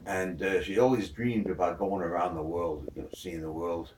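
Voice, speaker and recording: Deep-voiced man telling a rambling joke. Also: steady tone, normal speed, a little mellow, a little hiss or hum. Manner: rambling with many fillers. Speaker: joke teller. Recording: echoey room from far off.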